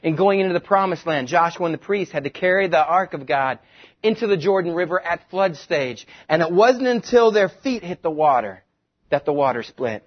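Animated high-voiced male preacher. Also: muffled recording. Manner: animated, acts out characters in quick voices. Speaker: pastor. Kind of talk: sermon with comic retelling.

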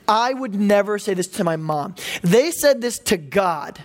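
Pastor preaching, lively and jokey, talks straight to the crowd. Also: mid-range voice, a little slow. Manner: animated, comic asides to the congregation. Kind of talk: sermon.

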